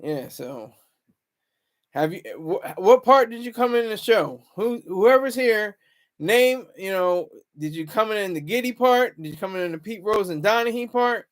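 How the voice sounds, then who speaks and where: A man's voice: high-pitched, animated, measured pace. A man hosting a casual livestream, rambling and chatting with viewers in the comments. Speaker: livestream host.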